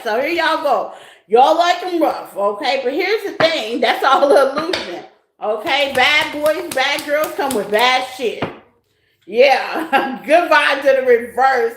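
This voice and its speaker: A woman's voice: high voice, animated, slow, fairly bright tone, reverberant. A woman giving a casual tarot reading to her viewers, frank and profane, laughing often and tagging lines with "okay?". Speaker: tarot reader.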